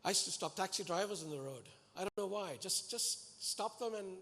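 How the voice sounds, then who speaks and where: A man's voice: sits high, normal speed, vocal fry. Earnest man preaching in an echoey hall. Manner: earnest and animated, pleading and exhorting the congregation. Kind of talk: sermon. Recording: echoey hall with long reverb.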